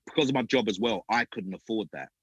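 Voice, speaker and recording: A man, a podcast guest and former youth football coach, telling animated stories and acting out other people's voices. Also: fairly low pitch, quick pace, slightly rough, no echo, dull audio. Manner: acts out other people's voices, lively and emphatic. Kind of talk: animated storytelling.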